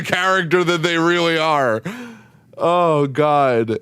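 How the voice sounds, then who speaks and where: Enthusiastic, animated podcast man. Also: mid-range voice, unhurried, smooth, no echo, clean studio sound. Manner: enthusiastic, animated, laughs often. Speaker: podcast co-host. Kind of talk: casual chat.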